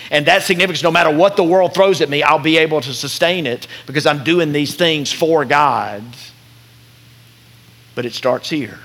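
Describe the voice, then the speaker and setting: Bright-voiced male pastor preaching. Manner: animated, acts out quoted voices with rising pitch and volume; drops soft and slow at tender points. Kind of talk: sermon.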